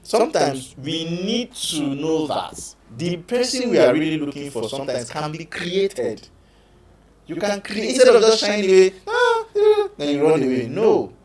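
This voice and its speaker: A man with a Nigerian accent hosting a live call-in show on relationships, talking in an animated way, slipping into pidgin and acting out quotes. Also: on the high side, normal speed. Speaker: radio show host. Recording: echoey room, distant from mic.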